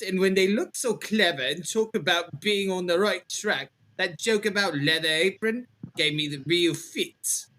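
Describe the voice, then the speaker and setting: A man voicing a gleeful male Victorian killer with a put-on British accent, reading a taunting letter in a halting, mocking way. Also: sits high, pushed and bright, full character voice. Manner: mocking, cackling, halting read.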